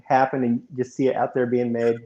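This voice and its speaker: A man's voice: mid-range voice, completely flat delivery, a little fast, warm tone. A man co-hosting a casual live chat, enthusiastic and joking, heard over a video call. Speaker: co-host. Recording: echoey room, dull lo-fi sound.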